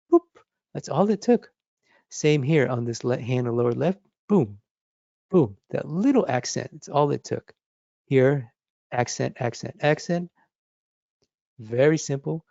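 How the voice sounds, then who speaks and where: A man's voice: medium pitch, creaky, a little mellow, no room sound, highs cut off. A man in his forties teaching a drawing lesson, talking through examples with enthusiastic, repetitive emphasis and little sound effects. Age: 40s. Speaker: art instructor. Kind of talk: drawing lesson with live demonstration.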